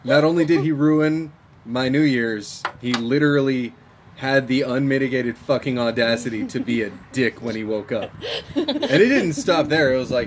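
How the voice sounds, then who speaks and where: A man's voice: mid-range voice, expressive, normal speed. A young man from Texas tells a story among friends in a loose, profane, exasperated way. His voice sits in a middle register. A faint noise hangs behind him. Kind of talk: casual chat.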